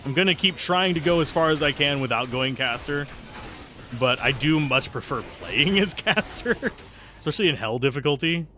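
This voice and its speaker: Chatty, lively male game streamer. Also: on the high side, normal speed, a little hiss or hum. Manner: chatty, rambling, self-deprecating; reads and answers chat. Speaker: streamer playing a game live. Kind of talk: live gameplay commentary.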